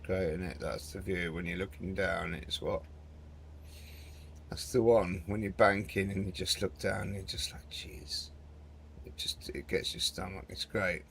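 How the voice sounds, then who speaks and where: A man's voice: deep voice, steady tone, normal speed, creaky, a bit bright, a little hiss or hum. A man hosting a flight simulator game video, chatting casually and rambling as he flies, often calling the viewer mate. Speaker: gaming channel host. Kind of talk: casual gameplay commentary.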